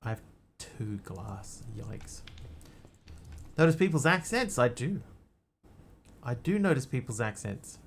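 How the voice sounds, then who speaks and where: A man's voice: medium pitch, sing-song, slow pace, creaky, pauses often, a little hiss or hum. A man streaming a game, chatting casually and answering his chat as he plays. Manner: chatty, greets and answers chat while playing.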